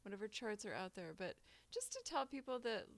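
A chatty, upbeat woman co-hosting a podcast. She talks freely and warmly with her co-host, at an ordinary middle pitch. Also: big pitch swings, a little fast, no room sound. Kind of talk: casual chat.

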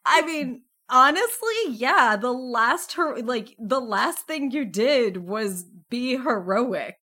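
Slow, bright-voiced woman at a game table. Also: fairly high pitch, animated, slightly rough. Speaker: player.

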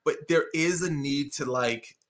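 A middle-aged man talking in a casual conversation, animated and acting out what people said. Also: fairly high pitch, unhurried. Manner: animated storyteller, acts out quotes.

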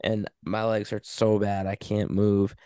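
A man's voice: lowish voice, level tone, a little slow, warm tone, clear, resonant tone, dry recording, clean studio sound. A man in casual chat, rambling through a self-deprecating story about himself.

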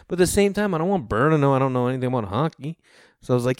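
A man from the Boston area telling rambling casual stories, jumping into animated voices for the people he quotes. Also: medium pitch, racing, dry recording, studio quality. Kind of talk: casual storytelling monologue.

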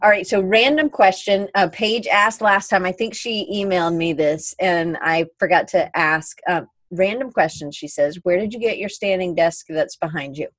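A woman's voice: fairly low pitch, normal speed, few pauses, a bit bright, dry recording. A woman hosting a casual podcast interview, chatty, reading out listener comments and laughing easily. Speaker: podcast host.

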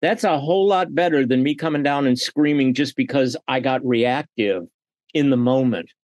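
Speaking at a moderate pace in a mid-range voice, a middle-aged business leader and coach appears as a podcast interview guest. He tells stories with energy, acting out the quoted dialogue. No room sound can be heard.

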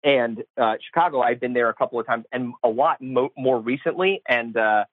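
A man's voice: medium pitch, moderate pace, no echo. Man rambling over a dull phone line. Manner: rambling, hesitant with many fillers. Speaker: caller. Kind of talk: casual call-in chat.

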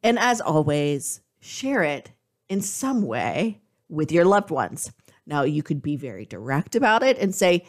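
A woman co-hosting a podcast, talking in a chatty, playful way with animated asides. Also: deep voice, measured pace. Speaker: podcast co-host. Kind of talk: casual podcast chat.

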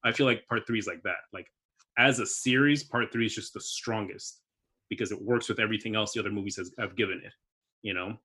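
A young man chatting casually about movies, animated and quick to laugh. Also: lowish voice, breathy edge.

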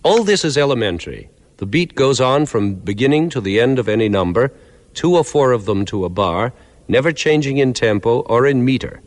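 A man lectures clearly and in a measured way, explaining musical ideas step by step and sometimes counting out beats. His mid-range voice has lively intonation, and the room leaves a long reverb tail.

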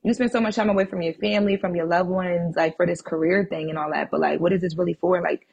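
Gravelly, husky woman telling a story. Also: on the low side, fast, highs cut off. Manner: animated, blunt, swears freely, many fillers. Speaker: podcast guest. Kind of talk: casual storytelling.

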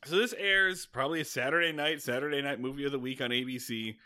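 A podcast co-host with a fast, sharp, mid-range voice jokes casually about movies, swearing now and then and laughing as he talks, in a comedic movie chat.

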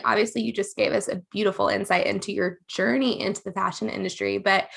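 A woman hosting a podcast who gushes over her guest with enthusiasm and big jumps in pitch. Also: creaky, fairly bright tone, slightly rough. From US South. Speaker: podcast host. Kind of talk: podcast interview.

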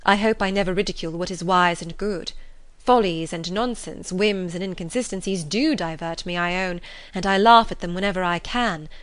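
A woman reading the part of a spirited young woman, teasing and quick-witted. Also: on the low side, dry recording, lightly acted.

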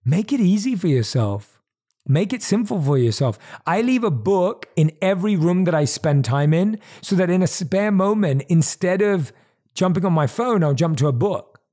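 A man's voice: high-pitched, lively intonation, normal speed, dark tone. Earnest motivational podcast host, man. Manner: earnest, emphatic, repeats key phrases. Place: at his desk. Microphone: desk microphone.

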